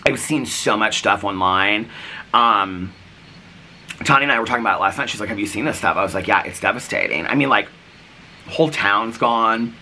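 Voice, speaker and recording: A man's voice: fairly low pitch, moderate pace, pushed and bright, a little hiss or hum. A man vlogging casually to camera, telling a long story full of fillers and quoted dialogue.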